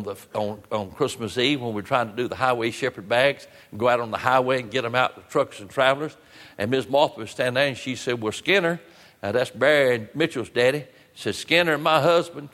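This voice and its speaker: Pastor preaching in a reverberant church. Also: male voice, medium pitch, fairly bright tone. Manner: repetitive rhetorical questions, drawn-out emphasis. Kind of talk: sermon.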